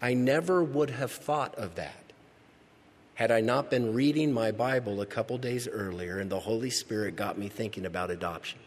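A man preaching a sermon as pastor. He is emphatic, repeats key phrases and builds to loud peaks. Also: on the low side, normal speed. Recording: long reverb of a large hall.

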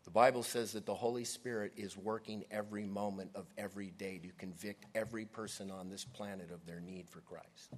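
A man preaching a sermon, moving between loud emphatic lines and quiet, hushed passages. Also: lowish voice, steady tone, fairly quick, few pauses, a little hiss or hum. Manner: dynamic, swings from loud emphasis to hushed near-whisper. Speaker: pastor.

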